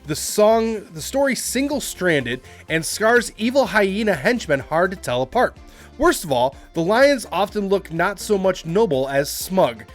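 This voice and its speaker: A man's voice: high-pitched, very animated, measured pace, soft background music. Casual man hosting a movie quiz. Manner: reads quotes aloud, then comments casually with asides. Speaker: quiz podcast host.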